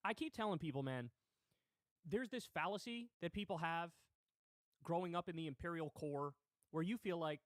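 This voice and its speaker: Indignant high-voiced man ranting. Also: normal speed, no room sound, studio quality. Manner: heated, indignant, swearing. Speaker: livestream host. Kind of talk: political commentary livestream.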